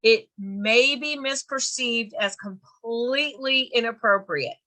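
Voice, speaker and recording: A woman's voice: on the high side, slow, bright, forceful tone. Emphatic Southern US woman lecturing. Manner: emphatic, repeats points, laughs occasionally. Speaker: real estate course instructor. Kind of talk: continuing-education lecture.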